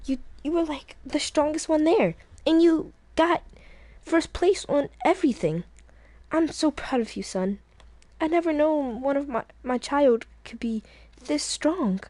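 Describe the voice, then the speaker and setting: A woman's voice: high voice, animated, measured pace, warm tone, dry recording, voice pushed up. A woman doing a gushing proud mom. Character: proud, doting mother.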